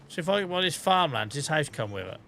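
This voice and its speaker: A man's voice: on the high side, sing-song, very fast, creaky, pushed and bright, faint music behind. A tired man with a headache, casually chatting to his live-stream viewers while playing, thinking aloud and swearing now and then. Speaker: game streamer.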